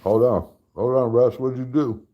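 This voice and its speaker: A man's voice: mid-range voice, fairly even intonation, moderate pace, highs cut off. A man hosting a casual livestream, rambling, swearing freely and laughing often. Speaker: livestream host. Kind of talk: casual livestream chat while eating.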